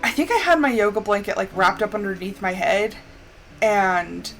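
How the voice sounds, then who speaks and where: A young woman streaming a game, telling stories in a casual, animated way and acting out quotes. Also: moderate pace, rough recording. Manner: animated storyteller, acts out quotes with big pitch jumps. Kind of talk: casual chat while gaming. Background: faint game music.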